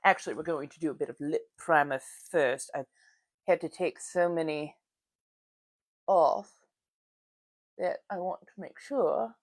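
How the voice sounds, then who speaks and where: A woman's voice: low voice, measured pace, pauses often, no echo, clean studio sound. A woman from the United States, hosting a casual livestream, chatting and greeting viewers by name while she does her makeup. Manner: chatty, greets viewers warmly, frequent laughs. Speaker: livestream host.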